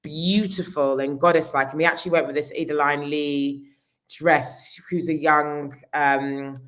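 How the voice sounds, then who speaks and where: Low-voiced woman, costume designer, chatty, lots of restarts. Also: steady tone, measured pace. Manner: chatty, many restarts and fillers. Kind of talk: casual interview.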